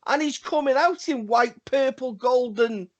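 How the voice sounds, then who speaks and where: A man's voice: very high-pitched, measured pace, muffled recording. A man co-hosting a casual wrestling podcast, talking in a rambling, profane way with emphatic repeats. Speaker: podcast co-host.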